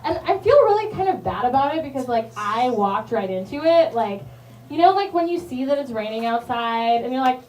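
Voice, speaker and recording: A woman's voice: fairly high pitch, animated, brisk, slight background noise. A woman performing a stand-up comedy set, rambling and self-mocking with lots of fillers, laughing at her own jokes. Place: small bar venue with live audience. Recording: echoey bar recording from far off, loud crowd.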